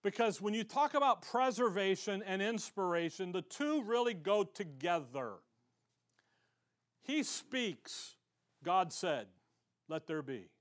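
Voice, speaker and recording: A man's voice: sits high, expressive, slow. A male pastor preaching a sermon in a conversational way, acting out the voices of the people he quotes.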